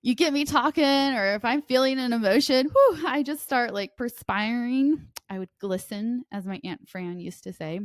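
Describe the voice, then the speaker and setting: A woman co-hosting a casual podcast, talking fast and nervously with many fillers and restarts. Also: on the high side, no room sound, clean studio sound. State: nervous and sweaty. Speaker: podcast co-host.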